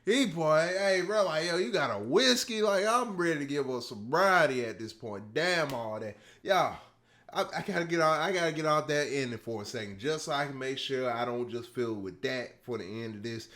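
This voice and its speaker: A man hosting a casual TV reaction video, talking to his viewers, swinging from quiet musing to loud excited hype. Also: a little high, normal speed. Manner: excitable, addresses viewers as y'all, drifts between hushed musing and loud hype.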